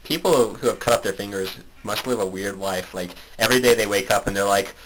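A man's voice: fairly low pitch, brisk, slight background noise, poor audio. A man guesting on a casual comedy podcast, rambling through crude jokes with lots of giggling.

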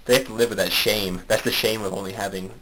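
Male podcast guest, low voice, giggles through rambling crude bits, noisy line. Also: fairly even intonation, fast talker. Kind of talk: casual comedy podcast chat.

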